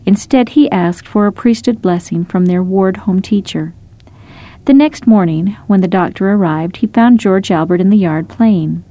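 A woman narrating short scripted stories in a gentle, measured storytelling manner. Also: medium pitch, no echo.

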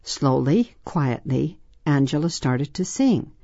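A woman reading a children's story aloud in a measured, soft storytelling manner. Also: deep voice, animated, no echo, highs cut off. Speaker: narrator.

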